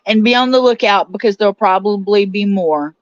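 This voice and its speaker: A woman's voice: medium pitch, fairly quick, no echo. Woman, livestream host, casual chat with viewers, dry lo-fi sound. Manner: chatty, reads viewer comments aloud and answers them. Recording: dull, slightly lo-fi sound.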